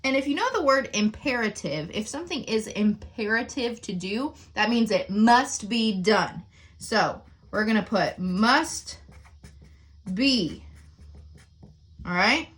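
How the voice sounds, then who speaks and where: A woman's voice: a little high, expressive, takes it slowly, fairly bright tone. A woman teacher explaining sentence types in a recorded lesson, often checking in with "okay?" and "right?".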